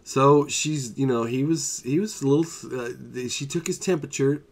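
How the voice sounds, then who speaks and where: A man's voice: medium pitch, normal speed, creaky. A man telling a personal story in a casual vlog, rambling, with fillers and asides.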